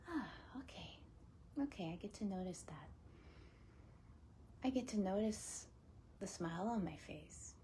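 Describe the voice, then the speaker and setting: A woman teaching laughter yoga in a casual, gentle coaching way, often dropping into whispers and playful laughs. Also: high-pitched, slight background noise. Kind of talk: casual spoken guidance.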